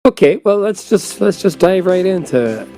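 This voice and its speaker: A man's voice: high voice, very animated, normal speed, dark tone. An Irish man co-hosting a casual chat podcast, rambling and self-deprecating, laughing often. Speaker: podcast co-host.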